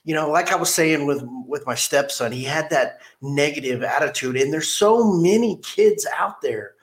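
A man's voice: fairly high pitch, normal speed. A middle-aged man hosting a podcast, talking bluntly in a rambling, storytelling way with many restarts. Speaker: podcast host. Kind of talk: casual podcast chat.

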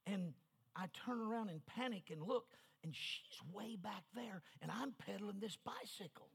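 As guest preacher, an older man from New Mexico delivers an emphatic revival sermon full of personal stories and repeated calls to his listeners. His voice sits high with a creaky, breathy edge, moving at a moderate pace.

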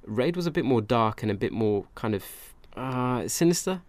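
A man talks casually through a film review, circling back and restarting his sentences. His voice sits at an ordinary middle pitch. The sound is dry and close, with no room echo. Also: expressive, normal speed, a little mellow. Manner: rambling, chatty, self-correcting. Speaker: film podcast co-host.

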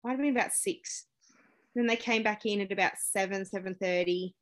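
A woman's voice: medium pitch, moderate pace. Australian woman telling a personal story. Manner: candid, animated retelling with acted-out quotes and laughter. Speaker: podcast guest.

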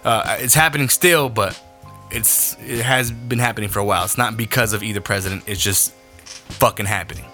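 A man's voice: lowish voice, fairly even intonation, a little fast, bright, forceful tone, soft background music. A young adult man hosting a podcast, ranting his opinions bluntly with heavy profanity. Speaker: podcast host.

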